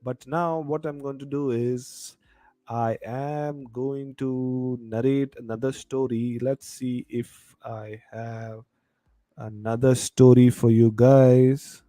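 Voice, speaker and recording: A man's voice: medium pitch, steady tone, slow, warm tone, dry recording, faint music behind. A man with a bad cold, hosting a casual live stream, chatting and reading viewer comments aloud. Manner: chatty, reads viewer comments aloud, mixes Hindi into English.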